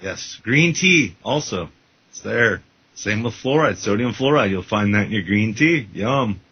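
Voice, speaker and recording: A man's voice: on the low side, lively intonation, unhurried, slightly rough. A man co-hosting a casual radio talk show, ranting with opinions and jokes. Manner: opinionated, joking rants. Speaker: radio co-host. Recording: dull lo-fi internet radio audio.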